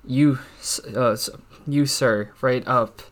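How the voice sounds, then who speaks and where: A young man doing an awkward, deadpan stand-up routine, halting and stammering through constant fillers and restarts. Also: mid-range voice. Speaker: stand-up comic.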